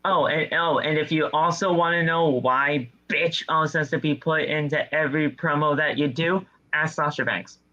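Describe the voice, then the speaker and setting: A man co-hosting a podcast, recapping wrestling in a casual, animated way. His voice is bright and forceful and sits a little high. The audio is dull and lo-fi. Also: normal speed, few pauses. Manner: animated storytelling with mock voices and exasperated jokes. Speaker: podcast co-host.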